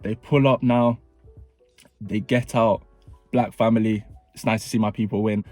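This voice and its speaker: A man's voice: on the low side, fairly even intonation, normal speed, a little mellow, no echo, soft background music. A man telling a storytime vlog, animatedly acting out the dialogue. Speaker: vlogger. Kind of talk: storytime narration.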